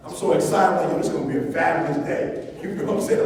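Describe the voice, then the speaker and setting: Male motivational speaker, preachy and repetitive, loud peaks, echoey hall picked up from a distance. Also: fairly high pitch, fast, hardly any pauses. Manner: preaching, repetitive, rises to near-shouting emphasis. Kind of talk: live motivational talk to students. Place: large hall with a live audience.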